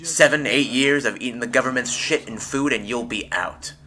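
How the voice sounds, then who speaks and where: A man reading aloud as a brash, crude male yakuza lieutenant in a video game, loud and blustery. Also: mid-range voice, moderate pace, natural voice. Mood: scornful. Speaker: let's play streamer.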